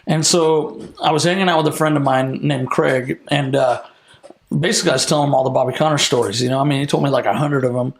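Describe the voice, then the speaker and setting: A man telling a testimony as a guest in an interview, excited and animated, often restarting and acting out what people said. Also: mid-range voice, fast, gravelly, reverberant, a little hiss or hum. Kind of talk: animated storytelling.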